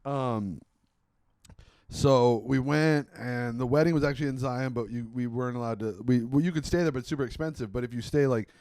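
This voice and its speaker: A man's voice: medium pitch, brisk, darkish tone, no echo. A man in his thirties co-hosting a podcast, telling a rambling story with lots of swearing. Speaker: podcast co-host. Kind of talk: casual chat, storytelling.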